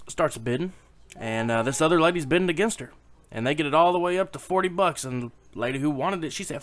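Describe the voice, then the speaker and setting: A man's voice: on the high side, fast talker, a bit bright. A man casually telling a rambling, swearing joke to camera at home, with his daughter on his lap. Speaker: YouTube joke teller.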